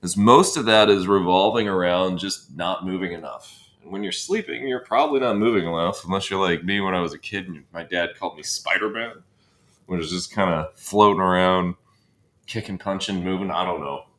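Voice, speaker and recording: Deep-voiced man coaching breathwork. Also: brisk. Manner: calm, coaching cues with counted breaths. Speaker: breathwork instructor. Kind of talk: guided breathwork session. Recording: roomy echo.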